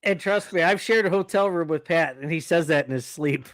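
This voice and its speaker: A man's voice: fairly high pitch, fairly quick, a bit bright, no room sound. A man co-hosting a podcast in casual chat, laughing often and throwing in joking asides. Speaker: podcast co-host.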